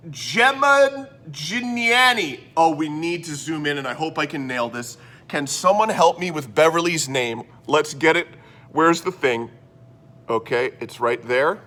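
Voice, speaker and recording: A Canadian man hosting a rambling comedy show from a room, theatrical and self-mocking, swinging between loud bits and mumbled asides. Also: fairly high pitch. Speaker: host. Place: indoor room.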